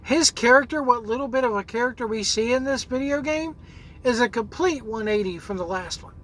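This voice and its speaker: A man's voice: very high voice, a little fast, a bit bright, low-quality recording. A man hosting a gaming channel who rants angrily about a video game, swearing and repeating words as he searches for what to say. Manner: angry, profane, repeats words while searching for them. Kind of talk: ranting video game commentary.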